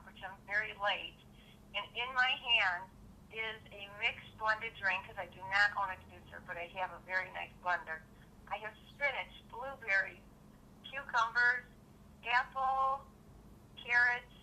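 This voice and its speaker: Hoarse, bright-voiced middle-aged woman on the phone. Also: medium pitch, slight background noise, poor audio. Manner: chatty, rambling with restarts. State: hoarse from lack of sleep. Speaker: caller. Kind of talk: phone call chat.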